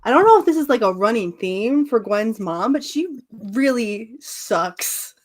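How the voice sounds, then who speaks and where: Animated swearing woman recapping a story. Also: on the high side, unhurried. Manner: animated storyteller, acts out characters, swears, laughs often. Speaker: podcast co-host recapping a comic. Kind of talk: casual chat.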